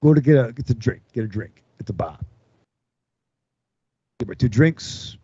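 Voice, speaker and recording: A man's voice: mid-range voice, animated, moderate pace, dark tone, husky, no room sound. A man co-hosting a podcast, telling a long story with lots of swearing and acting out other people's lines. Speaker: podcast co-host. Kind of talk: casual storytelling with profanity. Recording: dull, dry podcast audio.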